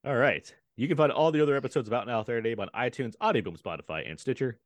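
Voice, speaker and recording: A man's voice: medium pitch, racing, no room sound. A young adult man co-hosting a movie podcast, chatting casually and laughing often. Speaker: podcast co-host. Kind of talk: casual chat and show sign-off.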